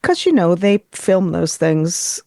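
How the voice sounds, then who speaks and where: Woman, middle-aged, rambling chatty host, lively pitch, dry close sound. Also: takes it slowly, no room sound. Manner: chatty, rambling, swears freely. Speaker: podcast host. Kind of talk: casual chat.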